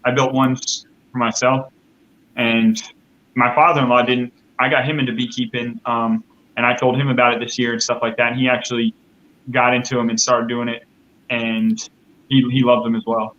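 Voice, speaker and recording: A man's voice: medium pitch, level tone, normal speed, a bit bright, lo-fi sound. A man chatting as a guest beekeeper on a live call, eager and stammering with restarts. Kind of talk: casual chat.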